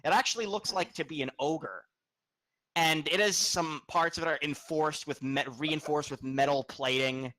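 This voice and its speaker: Stammering game master man, higher voice. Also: moderate pace, sharp tone. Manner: stammers and restarts while describing. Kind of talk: narrating a tabletop game.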